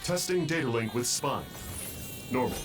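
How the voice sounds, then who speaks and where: An actor voicing a calm male mech computer that reads out system checks in short, flat announcements over music. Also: medium pitch, moderate pace, natural voice. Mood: clipped. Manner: flat, clipped status announcements. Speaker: trailer voice.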